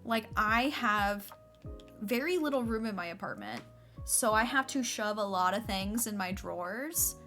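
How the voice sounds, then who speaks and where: A woman's voice: mid-range voice, expressive, a little slow, pushed and bright, faint music behind. Chatty young woman streamer. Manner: chatty, fills speech with "like". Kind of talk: casual chat while playing a game.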